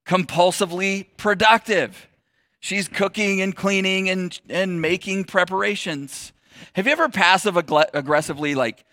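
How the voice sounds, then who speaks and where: A man's voice: high-pitched, pushed and bright, no echo, studio quality. A middle-aged man giving a sermon in a conversational, joking way and putting questions to the audience. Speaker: pastor.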